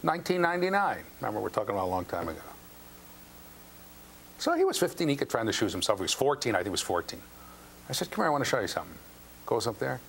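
Animated older man lecturing a class. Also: mid-range voice, racing, creaky, long pauses. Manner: animated storyteller, acts out quotes, asks the class questions. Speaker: university lecturer. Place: lecture hall. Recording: faint background noise and hum.

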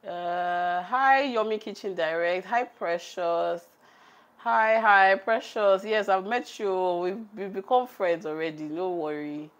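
A woman's voice: lowish voice, takes it slowly, lo-fi sound. A woman with a Nigerian accent who is chatty and laughs often. She cooks on camera, reads out the live chat and talks to her viewers. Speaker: cooking vlogger. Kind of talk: casual chat on a cooking livestream. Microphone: camera on a tripod.

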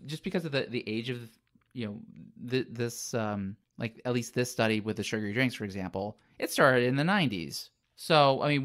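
A podcast co-host in casual chat, rambling with many fillers and restarts. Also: mid-range voice.

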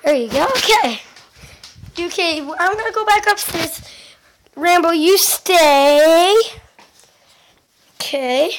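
A woman chatting excitedly in a casual home vlog, giggling and exclaiming as she shows off her things to a handheld camera. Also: very high voice, normal speed, a little hiss or hum. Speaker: vlogger. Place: at home indoors.

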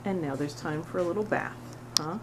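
A middle-aged woman volunteering at an animal shelter, chatting casually to the camera and cooing at a cat in a high sing-song voice, laughing often. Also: brisk, noisy background. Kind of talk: casual vlog talking to a cat.

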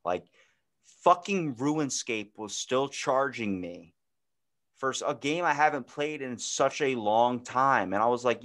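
A man in casual podcast chat, telling a story in an animated, exasperated way with lots of filler words. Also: medium pitch, unhurried.

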